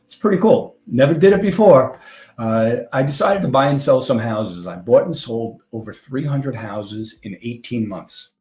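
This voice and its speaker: An older man with a New York accent is giving a conference presentation from a stage. He talks in a loose, conversational way, tossing in small jokes and asides, at a middle pitch. His voice rings out in a roomy hall. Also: animated, normal speed, a little mellow, faint music behind. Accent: New York (Long Island). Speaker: conference speaker. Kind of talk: presentation talk.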